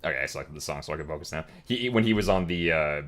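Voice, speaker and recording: A man's voice: a bass voice, animated, quick pace, a bit bright. A man casually chatting during a live art stream, reading viewer questions in a rambling, filler-heavy way. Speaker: streamer and voice actor.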